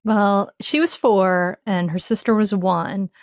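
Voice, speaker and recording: A reflective woman speaks as an interview guest about her own experience, circling back and restarting her thoughts with many "you know"s. Her voice sits at a middle pitch. The recording is dry and close, with almost no room sound. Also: slow, dry recording. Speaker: parenting author guest. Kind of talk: conversational interview answers.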